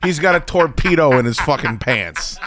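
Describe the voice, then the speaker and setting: Man, casual podcast chat, profane, animated delivery, bright tone. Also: fairly high pitch, moderate pace. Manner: animated, swears a lot, acts out quotes loudly. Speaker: podcast host.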